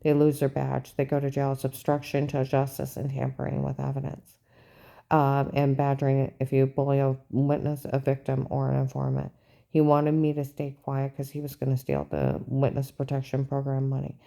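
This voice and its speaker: A woman with a deep, fry-edged voice talks straight to the camera in a long, rambling monologue. She sounds aggrieved and agitated, circling back over the same points. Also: steady tone, moderate pace, warm tone. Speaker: vlogger recounting a personal ordeal. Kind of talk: rambling first-person monologue.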